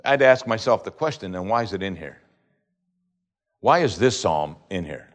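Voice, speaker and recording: A man preaching a sermon, reading scripture and shifting between loud pleading questions and low, hushed lines. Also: very animated, moderate pace.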